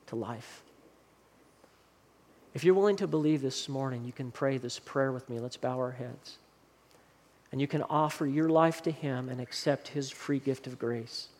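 A man preaching a sermon as a pastor, speaking earnestly and leading the congregation in a slow, soft closing prayer. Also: fairly high pitch, slightly rough. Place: church sanctuary during a service. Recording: long hall reverb, faint room noise.

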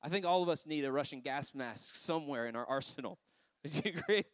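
A man's voice: on the high side, animated, fairly quick, no room sound. A man preaching a sermon, telling personal stories in a loose conversational way with frequent laughs and asides. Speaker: pastor.

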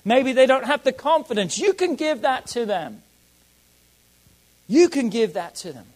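A man preaching a sermon as a pastor, emphatic and repeating key phrases, swinging between loud declarations and soft asides. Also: very high voice, sing-song, measured pace, rough recording.

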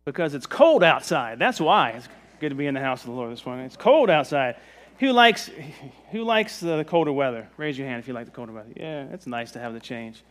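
A man from the Virginia mountains preaching a sermon in a relaxed, conversational way, joking with the congregation. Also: medium pitch, fairly quick. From Virginia mountains, USA. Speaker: pastor. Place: church service.

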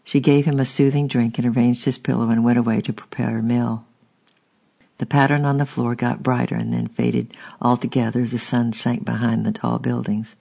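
A man's voice: mid-range voice, flat delivery, normal speed, gravelly, a little mellow. A man narrating a storybook steadily and unhurriedly, with small restarts. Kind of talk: audiobook narration.

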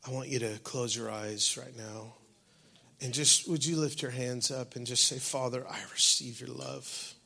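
A male pastor preaching a sermon, swinging from shouted passages to hushed, breathy tones. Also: mid-range voice, steady tone, a little slow.

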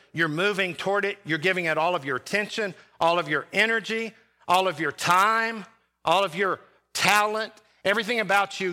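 A man pastor preaching a sermon, with dramatic pauses and big swings between loud and soft. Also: high-pitched. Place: church sanctuary.

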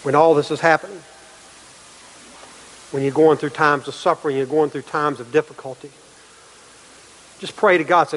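A man delivers a sermon in a fairly high voice. He preaches emphatically, repeating phrases and swinging from loud, lifted lines to quiet ones. The sound rings with a long reverb, as in a church. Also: steady tone, normal speed, long pauses. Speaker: pastor.

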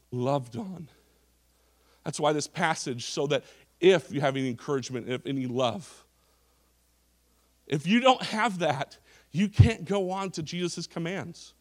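A male pastor preaching a sermon in a church service, emphatic, with frequent restarts and repeated phrases. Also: high-pitched.

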